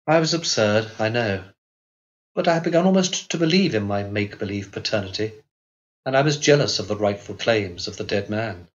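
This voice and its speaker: Low-voiced man reading a novel aloud. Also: expressive. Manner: measured, reflective storytelling. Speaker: audiobook narrator. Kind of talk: scripted first-person literary narration. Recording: dull lo-fi recording.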